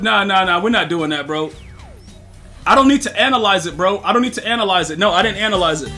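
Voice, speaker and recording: High, bright-voiced streamer man, slangy. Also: fast talker, soft background music. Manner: slangy, repetitive, addresses chat directly; heated and animated, bursts to near-shouting. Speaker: gaming streamer. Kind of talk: casual live-stream talk to chat.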